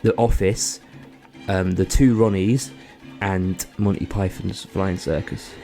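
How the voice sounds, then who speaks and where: Male podcast co-host, low gravelly mellow voice, rambling story delivery, faint music behind. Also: fairly even intonation, slow pace. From England. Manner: rambling, filler-heavy storytelling. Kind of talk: casual chat.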